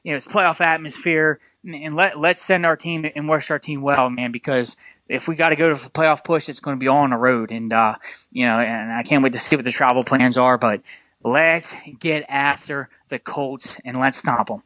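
A man's voice: medium pitch, steady tone, moderate pace, pushed and bright, no room sound. A man co-hosting a casual sports podcast, talking with passion in a rambling way, full of fillers. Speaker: podcast co-host.

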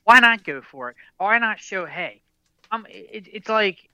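A man's voice: high voice, animated, measured pace, bright, forceful tone, clean tone, dry recording. A man hosting a sports podcast, talking casually and rambling, with frequent restarts and a lot of "dude". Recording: dull lo-fi dry recording.

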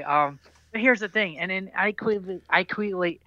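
A man's voice: high voice, moderate pace, pushed and bright, no echo. A man hosting a sports podcast, talking casually and rambling, with frequent restarts and a lot of "dude". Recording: dull lo-fi dry recording.

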